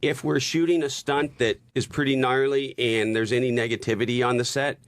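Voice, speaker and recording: A man chatting casually as a guest, telling relaxed stories. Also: mid-range voice, a little fast, dry recording. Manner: laid-back, storytelling about stunts. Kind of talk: casual chat.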